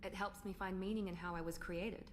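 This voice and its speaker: A woman's voice: medium pitch, fairly even intonation, brisk, a little hiss or hum, natural voice. An actress playing a proud, guarded woman officer in a game, composed and self-assured. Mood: cool.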